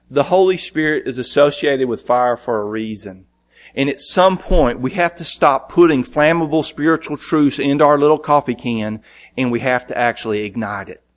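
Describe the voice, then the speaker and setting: Guy telling a church crowd a funny story, mid pitch, lively and folksy. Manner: animated, folksy storytelling, jumping in pitch for quoted lines. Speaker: preacher. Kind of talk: sermon with a personal anecdote.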